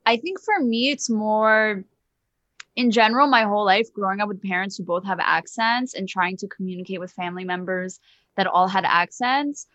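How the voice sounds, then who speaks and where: A woman chatting as a podcast guest, telling lively stories at a quick clip. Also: mid-range voice, dry recording, lo-fi sound. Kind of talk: casual chat.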